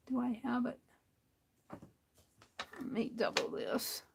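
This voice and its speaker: A woman chats slowly to herself while making crafts, her slightly high voice often sinking to a soft murmur. A faint hiss of noise sits behind her. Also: little pitch movement, vocal fry. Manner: slow, muttering to herself, drops to soft near-whispers. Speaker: craft livestream host. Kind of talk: casual craft talk while working.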